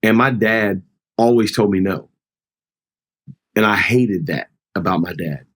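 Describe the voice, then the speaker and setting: A man's voice: fairly low pitch, a little slow, fairly bright tone, husky. A middle-aged man, a pastor, telling a personal story in an earnest, heartfelt, conversational way. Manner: earnest, heartfelt, re-enacts dialogue. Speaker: pastor, guest.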